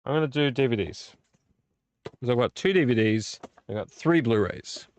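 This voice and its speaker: A man's voice: mid-range voice, expressive, moderate pace. A man hosting a live vlog, chatting casually and enthusiastically, rambling, swearing freely and talking straight to his viewers. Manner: enthusiastic, talks to the chat directly. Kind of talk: casual live-stream chat.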